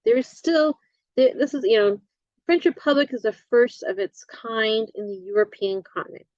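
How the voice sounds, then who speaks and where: A woman instructor giving a recorded lecture, halting often with fillers and correcting herself as she goes. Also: on the high side, expressive, darkish tone, no room sound, muffled recording.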